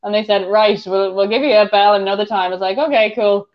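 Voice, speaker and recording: A woman's voice: medium pitch, fairly even intonation, fast talker. A woman with an Irish accent, co-hosting a podcast, telling stories in casual chat with lots of giggles. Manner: giggly storyteller. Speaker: podcast co-host. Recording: dull lo-fi sound.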